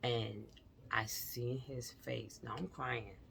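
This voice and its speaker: A woman's voice: extremely low pitch, steady tone, slow, gravelly, a bit bright, a little hiss or hum. A woman vlogger recounting a personal experience to her viewers, earnest and confiding, talking straight to them.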